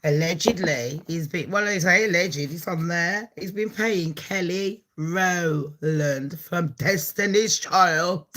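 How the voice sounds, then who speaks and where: A woman's voice: fairly low pitch, takes it slowly, few pauses, a bit bright. An English woman with a Birmingham accent, hosting a gossip channel, talking in a brash, foul-mouthed way and laughing often. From England. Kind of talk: casual gossip vlog.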